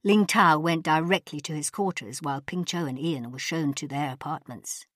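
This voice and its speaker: 低沉的女声有声书朗读. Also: female voice, low-pitched, a bit bright, dry recording, studio quality. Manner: measured storytelling, voices characters. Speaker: audiobook narrator. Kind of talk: scripted narration.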